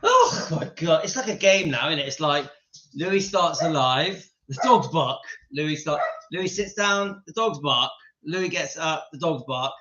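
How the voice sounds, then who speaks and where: A man's voice: a little high, expressive, a little slow, bright, forceful tone, a little hiss or hum. A man hosting a casual live stream from home, laughing often and breaking off to talk to his dog. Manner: giggly, keeps breaking into laughter; talks to his dog between remarks. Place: home, indoors. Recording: dull lo-fi sound.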